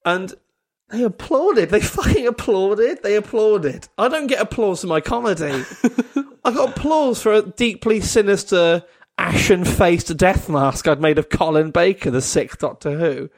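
A man's voice: high voice, expressive, normal speed. A man, a comedian, telling a rambling, self-mocking story, full of fillers and laughing often at himself. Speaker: comedian guest. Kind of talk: casual anecdote telling.

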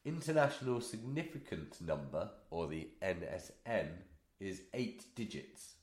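A man's voice: low-pitched, very animated, measured pace. A man co-hosting a casual comedic podcast, playful and jokey. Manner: jokey, playful, prone to bits and countdown noises. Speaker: podcast co-host. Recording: echoey room.

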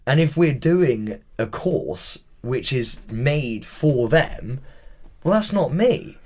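This Englishman in his thirties speaks slowly at a middle pitch, spinning animated stories as a podcast guest and swearing without restraint in relaxed conversation.

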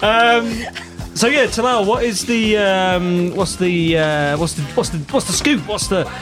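A man co-hosting a comedy podcast, excitable and tripping over his words. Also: high-pitched, unhurried, over music. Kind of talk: casual comedy banter.

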